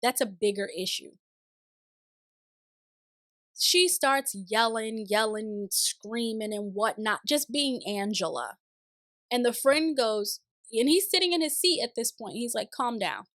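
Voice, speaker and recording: A woman's voice: fairly high pitch, animated, a little slow, fairly bright tone, dry recording, studio quality. A young woman recapping a reality show in casual, sassy commentary with exasperated, opinionated asides.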